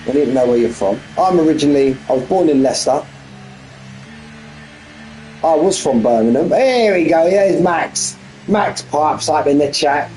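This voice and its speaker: Mellow-voiced man commentating casually. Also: medium pitch, normal speed, long pauses, faint music behind, poor audio. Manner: bantering, repeats himself, chats with viewers. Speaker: sim racing commentator. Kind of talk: casual live-stream commentary.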